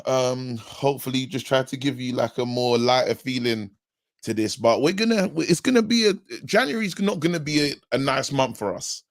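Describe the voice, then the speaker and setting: A man on a football fan stream, emphatic and quick to laugh. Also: medium pitch, expressive, dry recording. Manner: giggly, emphatic. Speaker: football fan show panelist. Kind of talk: casual fan chat.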